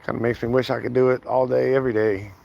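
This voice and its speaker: A man's voice: mid-range voice, level tone, fast talker, vocal fry, dull audio, noisy background. A man chatting casually on a stream as game master, rambling with plenty of fillers.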